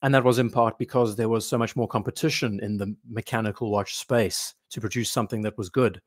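A man's voice: on the low side, fairly even intonation, a little fast, dry recording. Man, live stream host, casual rambling chat, dry close sound. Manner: rambling, reads viewer comments aloud.

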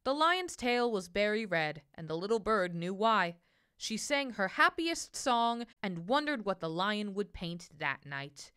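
A woman reads a children's picture book aloud in a bright, clear voice. Her storytelling is gentle and expressive, and her pitch moves up and down a lot. She gives each line its own colour. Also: measured pace.

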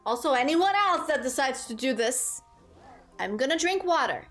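A woman's voice: high-pitched, moderate pace, faint music behind. A woman streaming a game, chatting casually with her viewers and reading game lines aloud. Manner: animated, talks to chat and reads game lines aloud. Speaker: gaming streamer. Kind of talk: casual gameplay commentary.

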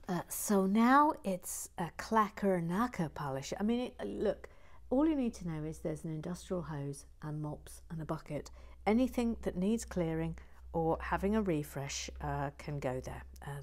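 A woman hosting a casual livestream, reading viewer comments in a playful, chatty way and dropping into quiet muttered asides. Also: lowish voice. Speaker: livestream host building a toy set.

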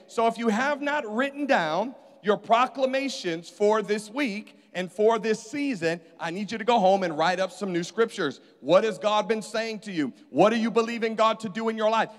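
A man preaching a sermon as pastor, calling out to his congregation for responses. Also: high voice. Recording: hall reverb.

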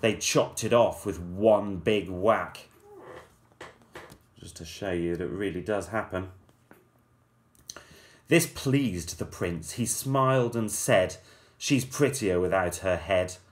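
In a deep voice, a male teacher reads a rhyming story aloud to children, measured and playful like a storyteller.

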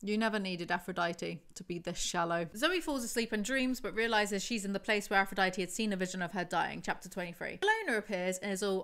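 A woman's voice: mid-range voice, lively intonation, a little fast, few pauses, a bit bright. A young woman, a book reviewer reading excerpts aloud and breaking in with sarcastic, mocking asides.

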